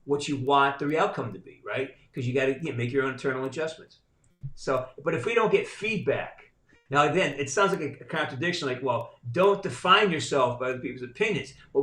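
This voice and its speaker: A middle-aged voice actor appears as a podcast guest, speaking at medium pitch with a slightly bright tone. It's a casual podcast conversation recorded with roomy echo, and he tells stories bluntly and profanely.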